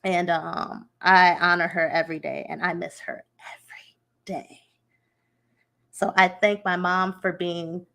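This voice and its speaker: Heartfelt woman podcaster, gravelly voice. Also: fairly low pitch. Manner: emotional, heartfelt, rambling with fillers. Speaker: podcast host. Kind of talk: casual personal talk.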